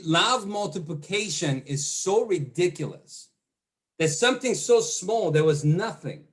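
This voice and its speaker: A man giving a motivational training talk over a video call, often repeating words and quizzing his audience. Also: high-pitched. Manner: doubles words, asks the audience questions.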